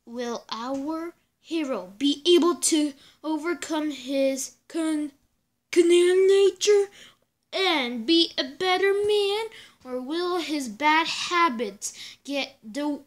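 A woman's voice: very high-pitched, expressive, slow. A woman reading a comic book aloud in a playful way, tossing in sound effects and sometimes stumbling over her words. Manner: playful, doing sound effects and funny voices.

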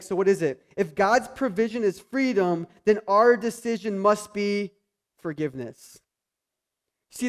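A male pastor with a high voice delivers a sermon in a church. He acts out the characters' words as he retells the story. He builds to loud, drawn-out peaks on the points he stresses. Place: church sanctuary.

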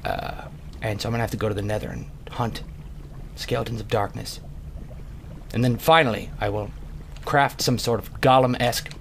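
A man's voice: lowish voice, fairly even intonation, moderate pace, creaky, pauses often, a bit bright, slight background noise. A man giving casual, playful game commentary, goofing around and slipping into silly voices as he plays. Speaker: let's play gamer.

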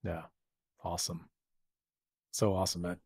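A man's voice: low voice, level tone, moderate pace, gravelly, darkish tone, slightly rough, no echo. A man hosting a faith podcast who reacts with enthusiasm and laughs easily while interviewing his guest. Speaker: podcast host. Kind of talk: interview chat.

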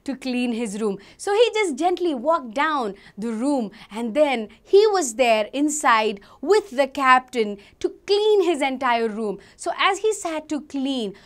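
High-voiced woman telling a Bible story. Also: a little slow, hardly any pauses. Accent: Indian English. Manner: animated, asks children questions. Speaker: Sunday school teacher.

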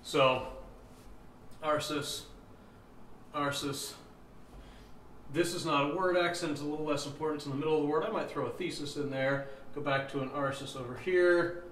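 A man's voice: a little high, fairly even intonation, normal speed, long pauses, fairly bright tone, slight background noise. A man teaching chant rhythm, explaining step by step, counting beats aloud and often checking in with "right?". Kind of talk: instructional explanation with sung examples. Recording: echoey room with faint ambience.

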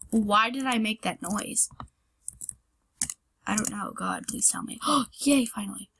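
A woman's voice: medium pitch, measured pace, gravelly, pauses often, fairly bright tone, slight background noise. A young woman hosting her own channel, giving rambling, self-deprecating casual commentary on a parkour game and yelping at her fails, with keyboard clicks behind her. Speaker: gaming channel host.

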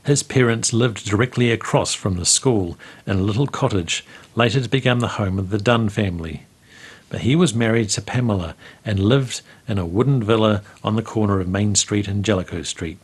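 A man, reading a memoir aloud in a measured, storytelling way as the show's host. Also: lowish voice, husky. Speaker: host reading local history stories. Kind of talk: read-aloud memoir narration.

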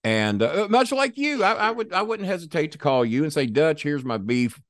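A man's voice: sits high, huge pitch swings, a little fast, a bit bright, dry recording, studio quality. An older man, a podcast guest, telling stories in a blunt, profane, plain-spoken way. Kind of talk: casual storytelling.

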